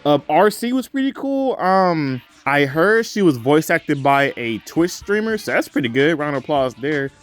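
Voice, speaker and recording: A man casually reviewing a movie in a vlog, talking in a loose, rambling way with lots of fillers and profanity, sometimes jumping into excited high-pitched reenactments. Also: moderate pace, few pauses.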